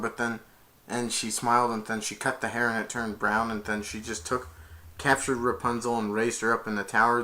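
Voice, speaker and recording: Bright-voiced man rambling through a plot. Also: mid-range voice. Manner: rambling, strings events with "and then". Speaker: film reviewer. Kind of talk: casual plot retelling.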